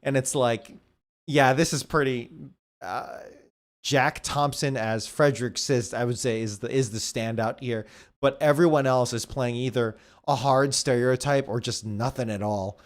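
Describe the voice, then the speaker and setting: A man's voice: medium pitch, fairly even intonation, measured pace. A man co-hosting a movie podcast, chatting in a laid-back way, laughing easily and calling his friend dude. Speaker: podcast co-host. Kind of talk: casual movie review chat.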